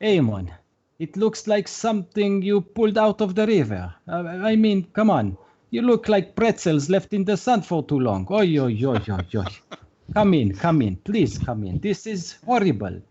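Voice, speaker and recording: A short, fussy little shopkeeper, put on by a man bursts out in a jumpy, raised pitch and chants "oi" again and again. His voice leaps up and down as he frets. The sound is dull and lo-fi, like a voice chat. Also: big pitch swings, normal speed, mellow. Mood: fussy, dismayed. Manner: frantic, repeats "oi" over and over. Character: short fussy male quill-maker shopkeeper.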